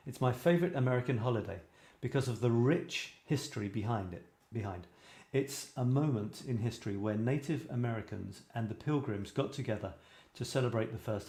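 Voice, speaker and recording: A British man with a British English accent hosts a live creative writing show, reading out viewers' writing and chatting in a rambling, self-deprecating manner. His voice is medium-pitched and mellow, and the recording has a roomy echo.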